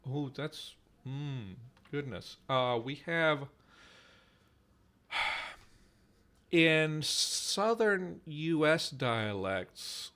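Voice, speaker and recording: A man hosting a live stream on building a language, thinking aloud slowly with many fillers, repeating trial words over and over. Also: a little high, animated, bright, forceful tone. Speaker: podcast host running a conlang stream.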